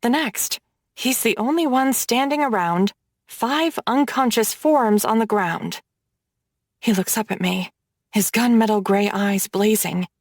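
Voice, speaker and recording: A woman reading a dark romance audiobook in first person, with dramatic storytelling. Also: on the high side, unhurried, no room sound, clean studio sound. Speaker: audiobook narrator.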